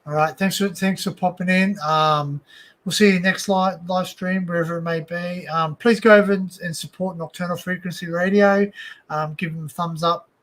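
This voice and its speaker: An Australian man hosts a relaxed livestream from home, talking into a desk microphone. He rambles along with plenty of fillers and restarts. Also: high voice, moderate pace. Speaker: livestream host. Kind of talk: casual livestream chat.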